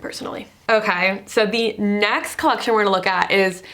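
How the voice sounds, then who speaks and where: A young adult woman giving casual fashion commentary as a vlogger, chatty and excitable, with "like" all through her speech. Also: mid-range voice, brisk. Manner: chatty and excitable, full of "like" fillers.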